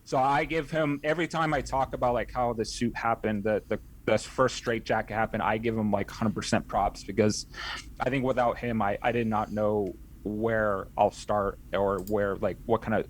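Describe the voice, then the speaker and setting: A man's voice: on the low side, steady tone, moderate pace, a little hiss or hum. A young man, a podcast guest, telling a casual story in a rambling way, full of restarts and self-corrections. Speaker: podcast guest, haunt scare actor.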